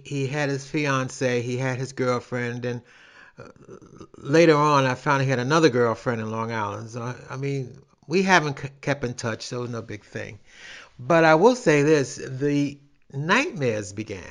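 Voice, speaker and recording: A man's voice: medium pitch, fairly bright tone, low-quality recording. An older man, telling a personal story in a rambling, casual way with restarts. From New York. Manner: rambling, with restarts and dialect grammar.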